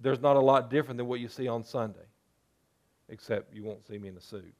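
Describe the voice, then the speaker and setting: A man's voice: medium pitch, a little fast, darkish tone. A man preaching a sermon as pastor, talking conversationally and putting rhetorical questions to his listeners.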